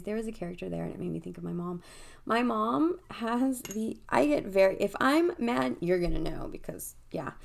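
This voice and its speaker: A middle-aged woman vlogging to camera in a casual, rambling way, with a gravelly edge to her voice. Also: mid-range voice, darkish tone. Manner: chatty, rambling, quick bursts of laughter. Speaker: vlogger, tarot reader.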